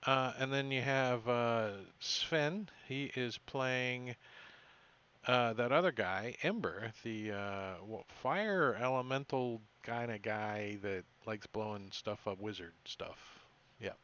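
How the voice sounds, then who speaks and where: A man running a tabletop game as game master, recapping the session in a halting way with many fillers and self-corrections. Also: medium pitch, fairly bright tone, clean tone, muffled recording.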